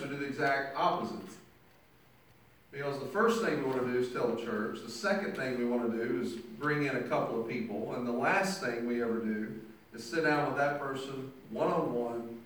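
A man's voice: medium pitch, fairly bright tone, a little hiss or hum. A male pastor delivering a sermon with emphatic preaching, acting out the people he quotes. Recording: very echoey church hall, mic from far off.

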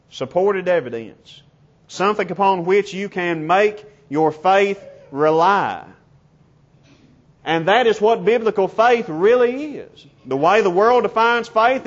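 A man preaching a sermon in a measured, emphatic way, building his case point by point. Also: sits high, muffled recording.

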